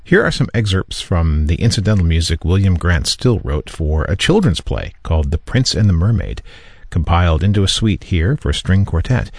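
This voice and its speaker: Low-voiced male classical radio host. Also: lively intonation, normal speed, darkish tone, no echo. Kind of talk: radio announcing.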